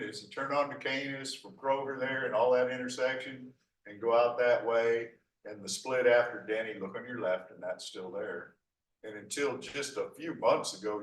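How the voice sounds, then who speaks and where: Folksy low-voiced man lecturing in a hall. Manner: folksy, rambling, full of 'uh' restarts. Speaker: local history lecturer. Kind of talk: slide lecture with asides. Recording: echoey hall from far off.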